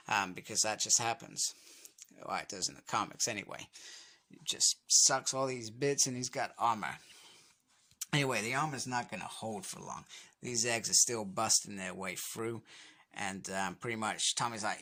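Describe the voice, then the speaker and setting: Bright-voiced man rambling through a comic recap. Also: fairly low pitch, normal speed. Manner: rambling, filler-heavy retelling with "anyway". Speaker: comic book reviewer.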